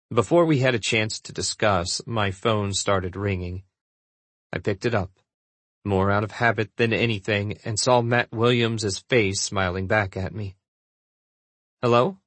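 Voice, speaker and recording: A man narrating a first-person story in a low, measured way, with a husky voice. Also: a bit bright, no echo. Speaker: audiobook narrator.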